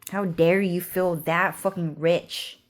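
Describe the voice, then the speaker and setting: A woman with a slightly low voice rambles through a casual vlog rant. She swears freely and leans on "like" and "dude" in almost every sentence. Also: fairly even intonation, slow. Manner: profane, fills speech with "like" and "dude". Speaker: vlogger.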